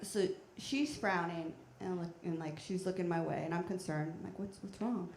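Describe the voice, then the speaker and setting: A woman performing a stand-up comedy set on a theater stage with a handheld mic, talking in a deadpan, chatty way with bursts of loud shouting. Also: lowish voice, normal speed. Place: theater stage before a live audience. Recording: echoey theater with faint noise.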